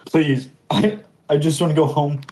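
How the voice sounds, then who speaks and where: A man voicing a grieving young woman who speaks through tears, halting and desperate, in a tabletop game. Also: on the high side, darkish tone, voice pushed up, close to an everyday voice. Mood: weeping. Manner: tearful, halting.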